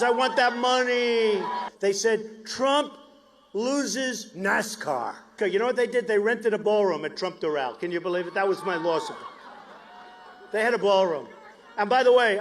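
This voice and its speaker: A man delivers a campaign rally speech in a voice pitched higher than most men's. He rambles and boasts, breaking into shouted asides to the crowd, with faint noise in the background. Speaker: political candidate. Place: large outdoor stadium rally.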